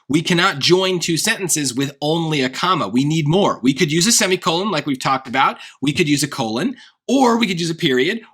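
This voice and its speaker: A man's voice: a little high, sharp tone. A man teaching a grammar lesson in a conversational way, thinking aloud with occasional fillers and restarts. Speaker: SAT tutor.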